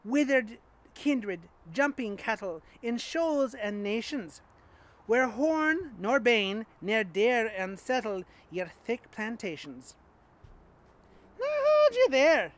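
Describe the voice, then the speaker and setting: Indignant Scottish churchgoer voiced by a man, broad-accented, deliberate and unhurried, declaiming verse. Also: very high voice, sing-song, a bit bright, heavily acted. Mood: scolding. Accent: put-on Scottish.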